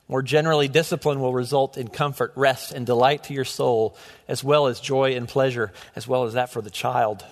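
A man's voice: medium pitch, fairly even intonation, moderate pace. A middle-aged man preaching a sermon as pastor, earnest and often restarting his words. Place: church sanctuary. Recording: long hall reverb.

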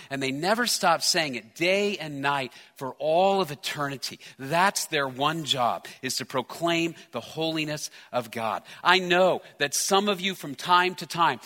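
Bright-voiced preacher in a reverberant church. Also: male voice, a little high. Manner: earnest preaching, slows and softens on scripture. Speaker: pastor. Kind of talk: sermon. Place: church sanctuary.

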